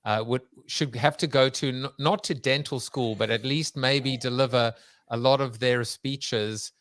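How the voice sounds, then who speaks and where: Male podcast host, jokey and rambly, mid pitch, super dry close sound. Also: fairly even intonation, measured pace, a bit bright, dry recording. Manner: rambling, jokey, with fillers and restarts. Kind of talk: conversational interview.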